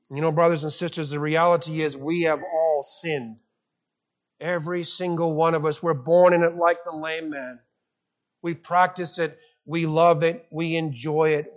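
A man's voice: on the high side, dull audio. A male pastor preaching a sermon in an emphatic style, asking rhetorical questions.

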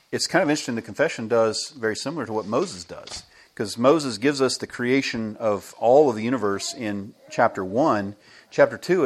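An American pastor with a voice on the low side preaches a sermon in a church. He tells stories in a lively manner, chuckling between his points.

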